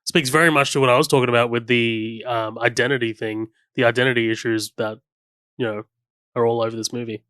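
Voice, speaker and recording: A man's voice: mid-range voice, steady tone, fairly quick, bright, forceful tone, clean tone, dry recording, studio quality. A man co-hosting a podcast, chatting casually about a film and eagerly walking through his favorite scenes. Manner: enthusiastic, recounts scenes and hums the score. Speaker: podcast co-host. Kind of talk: casual film commentary chat.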